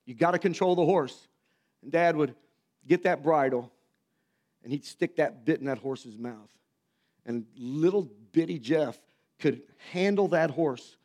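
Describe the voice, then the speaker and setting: A man preaches a sermon, telling homespun stories and poking fun at himself. His voice sits high for a man. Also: moderate pace, darkish tone. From Missouri. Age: 50s. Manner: folksy, self-mocking storytelling with acted quotes. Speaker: pastor.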